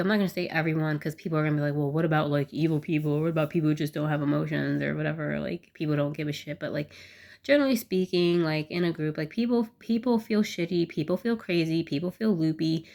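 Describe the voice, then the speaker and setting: A woman vlogger talking candidly and a little rambling, with lots of "like" fillers. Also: low voice. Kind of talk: casual talk to camera.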